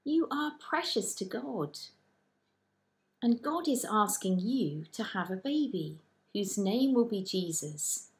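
A woman voicing the angel Gabriel, calm and comforting, in a children's Bible story. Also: medium pitch, takes it slowly. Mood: reassuring. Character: gentle reassuring angel Gabriel.

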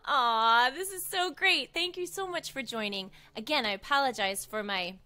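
A woman's voice: on the high side, normal speed, hardly any pauses, bright, forceful tone. A woman hosting a live children's music show, cheerful and talking to the kids as friends, her voice slightly froggy.

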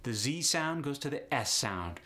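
A man's voice: medium pitch, big pitch swings, moderate pace, sharp tone. A man teaching an accent lesson step by step, upbeat and explanatory, saying example words to show each sound. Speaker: accent coach.

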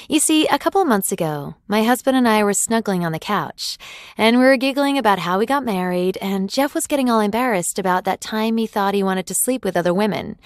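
High-voiced woman narrating a story ad. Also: dry recording, studio quality. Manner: dramatic, confiding storytelling. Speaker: narrator of a sales ad.

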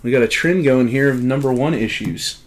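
Here a middle-aged collector unboxes comic books casually, speaking in a mid-range voice at normal speed. He's chatty, with frequent excited exclamations of thanks.

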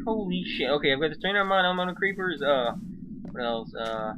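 A man's voice: on the high side, lively intonation, fairly quick. A young man giving casual gameplay commentary, swearing often and yelping when something startles him. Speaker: gaming YouTuber. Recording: loud background noise.

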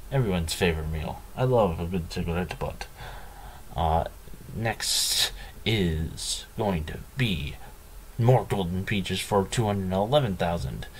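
A man with a deep, low voice talks through a game in an unhurried drawl. His commentary is dry and sarcastic, often mocking himself. A faint hiss sits under the recording. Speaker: gaming channel host. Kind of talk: let's play commentary.

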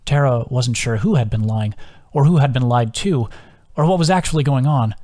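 A man reading his own novel aloud as audiobook narration, steady and measured. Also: mid-range voice.

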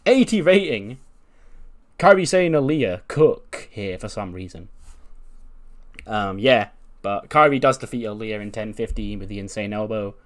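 A man's voice: fairly low pitch, lively intonation, a little slow. A man casually narrating a wrestling management sim game, rambling and correcting himself as he goes. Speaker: game commentator. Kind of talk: casual let's-play narration.

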